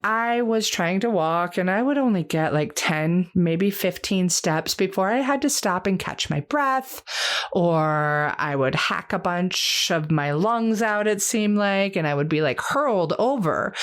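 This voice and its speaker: Young lady herbalist rambling excitedly on her podcast, lots of likes and ums. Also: mid-range voice, unhurried. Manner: chatty, enthusiastic, many fillers. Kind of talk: casual podcast talk.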